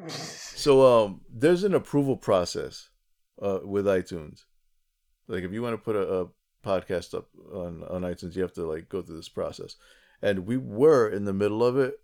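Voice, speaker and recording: A man's voice: fairly low pitch, animated, moderate pace, darkish tone. A man co-hosting a casual podcast, chatty and jokey, often restarting his sentences. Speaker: podcast co-host.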